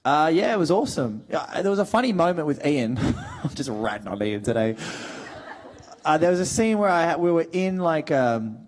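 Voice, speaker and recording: A man's voice: fairly high pitch, big pitch swings, normal speed. An actor in his thirties, chatting and joking with fans in a casual, rambling way. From Australia. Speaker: actor guest on a fan panel. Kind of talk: casual panel chat.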